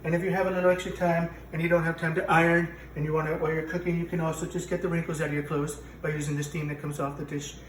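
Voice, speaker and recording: In a comic parody, a man plays a boastful president hosting a cooking show in a home kitchen, bragging, rambling, and contradicting himself. His slightly high, level voice is very fast with few pauses and close to an everyday voice, recorded from a distance in an echoey kitchen with a little hiss or hum.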